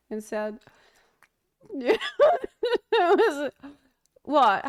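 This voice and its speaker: A woman's voice: sits high, big pitch swings, drawn-out words, pauses often. A woman streamer chatting casually and giggling as she reads chat aloud.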